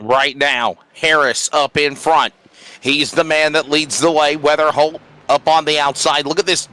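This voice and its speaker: Brief: man, play-by-play caller for a sim race, bright and a touch high, eager, stumbling restarts. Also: unhurried, smooth, poor audio. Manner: energetic, with frequent fillers and restarts. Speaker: play-by-play commentator. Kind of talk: sim racing commentary.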